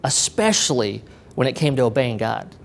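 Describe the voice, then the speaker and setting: A man acting out his calm, sharp-witted wife asking him probing questions. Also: medium pitch, moderate pace, creaky.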